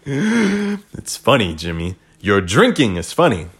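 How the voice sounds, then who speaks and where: A man's voice: mid-range voice, wildly swooping pitch, slow pace, a little hiss or hum. A man doing a blunt baseball commissioner. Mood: scolding. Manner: blunt, stiff quoting voice. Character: stern older male baseball commissioner, blunt.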